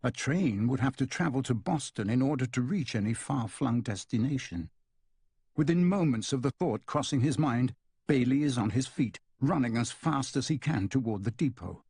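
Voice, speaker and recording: Husky, dry-voiced male narrator. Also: mid-range voice, animated, moderate pace, darkish tone, no room sound. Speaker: audiobook narrator. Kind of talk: scripted narration.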